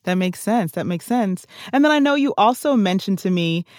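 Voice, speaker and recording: A woman's voice: medium pitch, animated, normal speed, darkish tone, no room sound. Friendly woman host, dry close sound. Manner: encouraging, affirming, recaps the guest's story. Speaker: podcast host. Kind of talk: casual interview.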